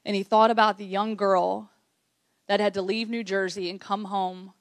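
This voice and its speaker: The recording is clean and studio-like with no room sound, carrying a late-thirties woman's mid-range voice at normal speed with little pitch movement. She delivers an emotional, earnest keynote to a live audience in an event room, repeating phrases to stress them.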